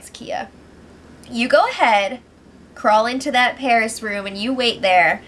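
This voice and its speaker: A young woman hosting a casual recap, talking fast and gossipy, with laughing asides and quick quoted voices. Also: on the high side, sharp tone, slight background noise. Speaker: host recapping a reality show.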